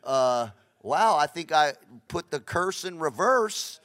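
A middle-aged male pastor preaching with fiery passion, his slightly raised voice racing through stories. He swings from loud bursts to hushed, confiding asides. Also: on the high side, animated. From Los Angeles. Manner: fast, passionate, storytelling with shifts between loud and hushed. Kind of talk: sermon.

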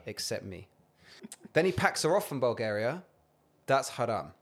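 A man's voice: mid-range voice, big pitch swings, normal speed. A man, co-hosting a podcast in casual, sardonic banter full of dry asides. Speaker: podcast co-host.

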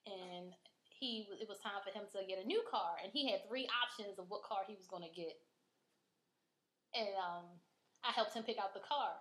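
A woman's voice: mid-range voice, normal speed. A woman podcast host telling a personal story in casual chat, frank and full of swearing. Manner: frank, profane and animated. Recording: roomy echo.

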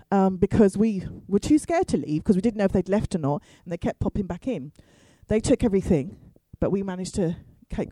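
A woman's voice: medium pitch, dark tone, no room sound, rough recording. A woman stand-up comedian telling a story with wry asides and free swearing. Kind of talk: comic storytelling.

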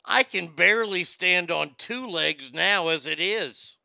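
A man's voice: sits high, animated, unhurried, vocal fry, sharp tone, no room sound. A man giving a sarcastic, profane comedy rant about a news story and reading chat aloud.

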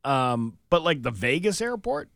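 A man's voice: medium pitch, big pitch swings, a little slow, vocal fry, fairly bright tone, no echo, clean studio sound. A man co-hosting a casual podcast, reading local news stories and rambling about them with many restarts.

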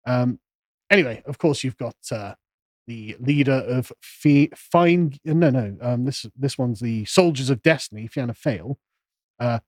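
A man's voice: medium pitch, lively intonation, normal speed, no echo. A man co-hosting a casual political podcast, sardonic, mocking the people he quotes. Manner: sardonic, mocks quotes in put-on voices. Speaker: podcast co-host.

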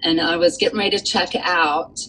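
A woman with a slightly low voice tells a story from her own life, earnest and animated, with plenty of ums and you-knows. A faint hum sits under the recording. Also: fairly quick, poor audio. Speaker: author and guest. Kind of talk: storytelling in a casual chat.

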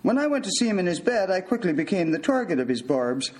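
Older man telling a story, somewhat high voice. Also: very animated, fast, rough recording. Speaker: physician giving a talk. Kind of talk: storytelling talk.

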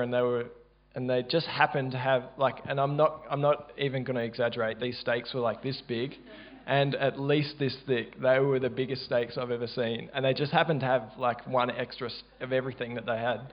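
Halting Australian man giving a testimony. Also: level tone. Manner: casual, halting, many fillers and restarts. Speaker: church member sharing a testimony. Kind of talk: testimony at a church service. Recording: dull low-fidelity sound.

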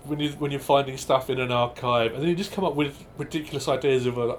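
A man being interviewed about improv comedy, talking casually in quick, self-deprecating bursts with frequent restarts. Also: mid-range voice, steady tone, slight background noise. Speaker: improv performer guest.

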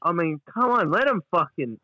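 A bright, forceful Australian man talks sport in a loose, sweary chat, often mocking others in a flat voice. His voice is a touch high for a man, and the recording is dry and a bit dull. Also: normal speed, no room sound. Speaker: podcast co-host.

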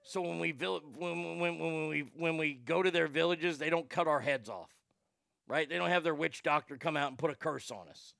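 A man's voice: fairly high pitch, moderate pace, gravelly, bright, forceful tone, no room sound, studio quality. A man hosting a casual comedic talk show, blunt, crude and sarcastic as he riffs on the news.

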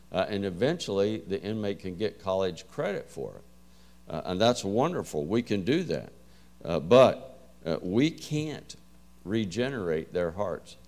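A deep-voiced man delivering a sermon to a class. He talks in a folksy, chatty manner, leaning on fillers and little stories as he teaches. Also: a little mellow. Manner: folksy, conversational storytelling with frequent fillers. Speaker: preacher teaching a Bible class.

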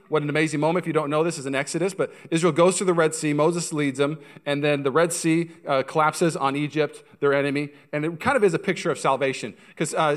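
A pastor preaching a sermon, telling stories with energy and speaking straight to the congregation. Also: male voice, on the high side. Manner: animated storytelling, acts out voices, addresses congregation directly.

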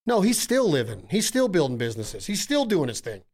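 A man's voice: a little high, huge pitch swings, fairly quick, a little mellow. A man hosting a podcast, talking in casual banter, brash and joking, swearing freely. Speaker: podcast host.

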